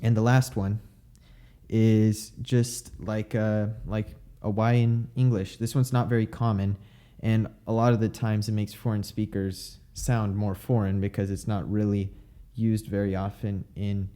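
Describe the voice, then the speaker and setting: A man's voice: fairly low pitch, mellow. A young man hosting an educational podcast, casually explaining speech sounds with many fillers and spoken examples. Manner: explanatory, frequent fillers, demonstrates pronunciations. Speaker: podcast host explaining linguistics.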